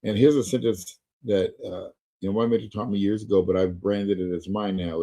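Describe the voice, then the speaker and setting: A man's voice: lowish voice, steady tone, a little fast, dark tone, poor audio. A middle-aged man teaching sales in a webinar, talking emphatically, repeating key points and checking in with his listeners. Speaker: sales trainer.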